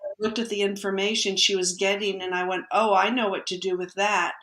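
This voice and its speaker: A woman recounting a personal experience in a middle-pitched voice, speaking casually and slipping into the voices of the people she quotes. The sound is roomy, with noticeable echo around her. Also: fairly quick. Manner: lively storyteller who acts out quoted dialogue. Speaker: podcast guest, energy healer. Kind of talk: personal storytelling in conversation. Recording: echoey room.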